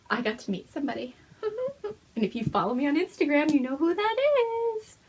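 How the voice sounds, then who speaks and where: A bubbly woman hosting her own fiber-craft video show, gasping and breaking into excited whispers as she shows things off. Her somewhat high voice swoops up and down constantly. A faint hum of room ambience sits behind her. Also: normal speed. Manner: gushing, breathless gasps and whispered exclamations. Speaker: host of a knitting and fiber podcast. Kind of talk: excited casual show-and-tell chat.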